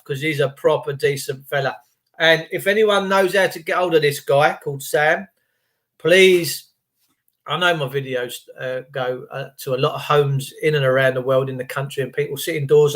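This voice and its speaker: Chatty man, slightly high voice. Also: fairly bright tone. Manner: chatty, repetitive, emphatic. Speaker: vlogger. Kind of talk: rambling casual storytelling.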